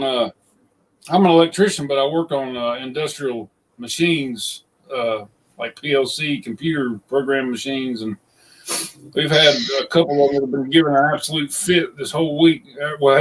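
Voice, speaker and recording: A man's voice: a little high, moderate pace, recorded from a distance, rough recording. A man chatting on a live stream in a friendly, easygoing way. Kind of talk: casual live stream chat.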